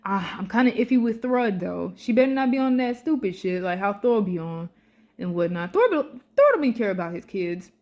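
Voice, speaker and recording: Young female vlogger, excitable fan chatter, swears a lot, lots of slang. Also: mid-range voice, brisk. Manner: excitable and animated, swears freely, uses slang. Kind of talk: casual fan commentary.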